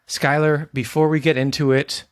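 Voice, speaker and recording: A man's voice: fairly high pitch, flat delivery, normal speed. A man co-hosting a laid-back podcast in a playful, joking way. He chats easily and teases his co-host. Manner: playful, jokey, does silly voices and sings snippets. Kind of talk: casual chat.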